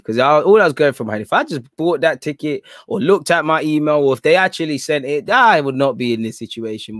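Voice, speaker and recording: A man hosts a casual live stream chat, slangy and rambling, switching between low mutters and excited outbursts. The sound is studio quality with no echo.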